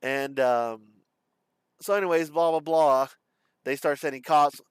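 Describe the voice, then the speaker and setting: A young man talking in a personal confessional monologue, halting and profane, full of fillers and restarts. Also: on the high side, steady tone, clear, resonant tone, dry recording. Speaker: vlogger.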